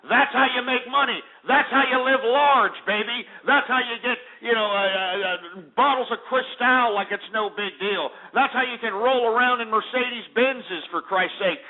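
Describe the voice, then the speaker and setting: A male talk-radio host rants through market commentary, swearing freely and getting worked up. His voice sits fairly high. The sound is thin and boxy, like a phone line. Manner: profane, fired-up ranting. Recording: tinny phone-like audio.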